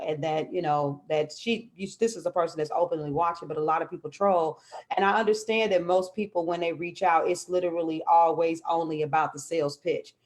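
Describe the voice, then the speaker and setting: A woman hosting a live podcast, talking in a fervent, preachy way and repeating words when she gets fired up. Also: fairly low pitch. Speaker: podcast host. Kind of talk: live-streamed podcast talk. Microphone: live stream on a video call.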